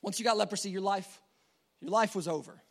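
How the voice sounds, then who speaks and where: A man's voice: sits high, a little fast, gravelly. A man preaching a sermon in a casual, conversational storytelling manner.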